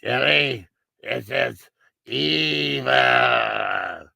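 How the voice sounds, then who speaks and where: A man voicing a menacing male killer who speaks through a voice changer, drawn out and slow. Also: a little high, vocal fry, sharp tone, breathy edge, no room sound, studio quality, full character voice.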